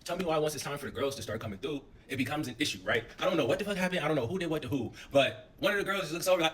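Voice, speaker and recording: Animated young man telling a story fast. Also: a little high, distant mic. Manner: animated, swearing slang-heavy storytelling. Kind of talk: casual storytime.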